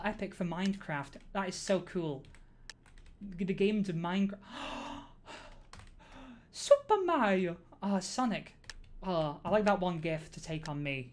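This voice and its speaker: A woman's voice: low voice, darkish tone, a little hiss or hum. A young woman streaming a game live, rambling and giggling through her commentary with lots of fillers. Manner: rambling, giggly, self-mocking, many fillers. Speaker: Twitch streamer.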